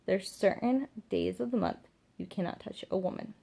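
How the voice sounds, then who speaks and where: A woman's voice: mid-range voice, normal speed, gravelly, warm tone, slightly rough. A young woman and mother talking to the camera in a casual vlog, earnest and emphatic, repeating her points for stress. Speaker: mother vlogging about parenting.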